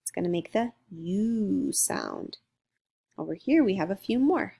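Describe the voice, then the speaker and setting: Woman, teacher, slow and careful, gravelly voice, sounds out letters and syllables for young children. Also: mid-range voice, expressive, dark tone. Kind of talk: phonics lesson for young children.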